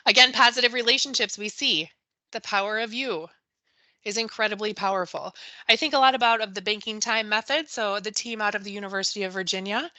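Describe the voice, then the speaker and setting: A woman's voice: medium pitch, fairly quick, sharp tone, no echo. A woman presenting a live webinar on early childhood education, who often tags her sentences with a questioning "right?" and talks to attendees by name. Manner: addresses attendees by name and reads the chat.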